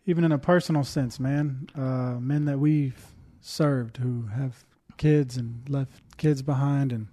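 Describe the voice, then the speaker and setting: Mellow-voiced man, reflective co-host. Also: mid-range voice, steady tone, measured pace, hardly any pauses, no echo, studio quality. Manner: joking, then emotional and reflective. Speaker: recovery minister and podcast co-host. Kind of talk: casual reaction chat.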